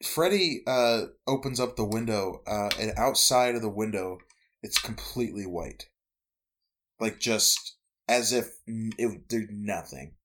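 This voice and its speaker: A man narrating as game master of a tabletop game, slow and descriptive with fillers. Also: fairly low pitch, fairly bright tone.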